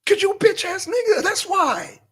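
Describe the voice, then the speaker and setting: A man's voice: very high-pitched, very animated, moderate pace, bright, forceful tone. A male livestream host talking politics in a blunt, profane, heated way from home. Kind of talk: political talk stream.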